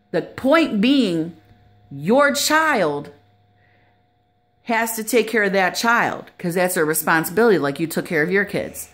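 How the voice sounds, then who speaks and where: A middle-aged woman, a grandmother, giving earnest, preachy advice in a casual vlog. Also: mid-range voice. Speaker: grandmother vlogger.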